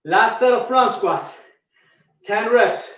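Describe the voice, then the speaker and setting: A man coaching a workout takes it slowly, his voice very high-pitched as he counts reps and names each exercise between breaths. He sounds far from the microphone in an echoey space.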